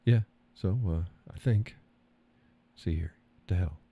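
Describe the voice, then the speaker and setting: The audio is dull, carrying a slow, husky, low-pitched man's voice. He's middle-aged and hosting a live stream, chatting loosely through his viewers' comments with casual swearing and lots of chuckles.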